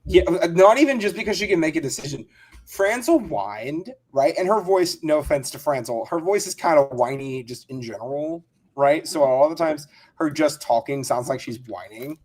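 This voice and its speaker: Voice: medium pitch, expressive, moderate pace, a little mellow. A podcast co-host in casual chat, emphatic and repeating key words for stress.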